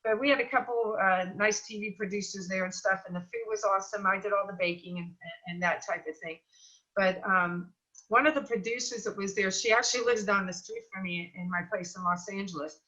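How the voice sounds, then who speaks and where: A middle-aged woman chatting as an interview guest, talking in an animated, storytelling way with plenty of fillers. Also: mid-range voice, brisk, dull audio. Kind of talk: casual interview chat.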